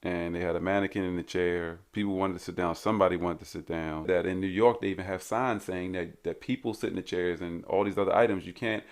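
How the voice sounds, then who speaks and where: A man's voice: low voice, steady tone, quick pace, hardly any pauses. A man hosting his own show, delivering a blunt, preachy ranting monologue full of repeated rhetorical questions. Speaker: host.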